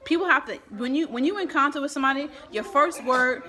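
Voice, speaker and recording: A woman's voice: high-pitched, quick pace, bright, forceful tone, slight background noise. Irritated woman venting at home. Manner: rambling, irritated and emotional, with restarts. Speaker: vlogger. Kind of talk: live-stream venting to viewers. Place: home, with children nearby. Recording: kids chattering in the background. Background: children's voices.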